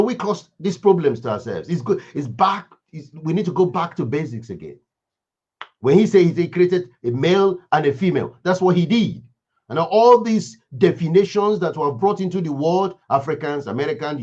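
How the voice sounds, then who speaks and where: Male speaker, slightly high voice, emphatic preaching cadence on a dull lo-fi recording. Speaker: speaker giving a moral reflection. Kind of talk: impassioned moral talk.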